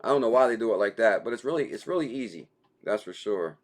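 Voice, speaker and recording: Reading out viewer comments on his daily crypto livestream, a man chats in a relaxed, slangy manner with easy laughter. He talks at a quick pace in a fairly low voice with lively intonation.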